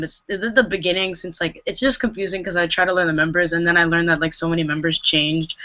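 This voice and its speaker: A woman's voice: fairly low pitch, bright, forceful tone. A woman chatting casually on a video call about her reaction channel, with lots of "like". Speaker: K-pop reaction YouTuber, guest. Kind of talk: casual chat. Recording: muffled lo-fi call audio.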